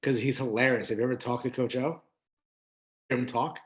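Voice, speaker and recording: A man's voice: mid-range voice, steady tone, a little fast. A man co-hosting a casual sports podcast, rambling through his points with lots of "like" and "uh" and telling stories as he goes. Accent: New Jersey. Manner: rambling, full of fillers like "like" and "uh", laughs easily. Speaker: podcast co-host.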